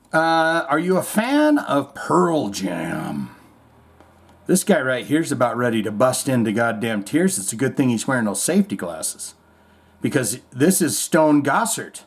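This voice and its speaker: A man's voice: medium pitch, breathy edge. A man hosting a casual show, reading music news aloud and riffing on it with irreverent, rambling asides and swearing. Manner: irreverent, rambling, swears, mock-reads quotes. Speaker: host.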